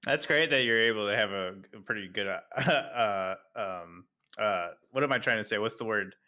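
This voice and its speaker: A man's voice: lowish voice, normal speed, pushed and bright. A man from Michigan co-hosting a podcast, chatting casually and sometimes searching for words. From Michigan, USA. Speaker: podcast co-host.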